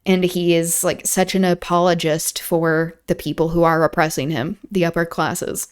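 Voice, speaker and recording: A woman's voice: fairly low pitch, level tone, normal speed, few pauses, smooth. Woman streamer reading a novel aloud. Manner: conversational, chatty commentary between passages.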